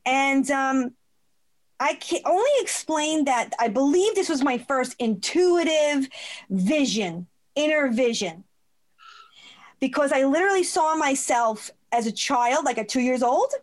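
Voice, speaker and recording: A woman with a voice that sits high appears as a conversation guest and relates a personal anecdote. She acts out the voices she quotes, staying expressive and laughing often.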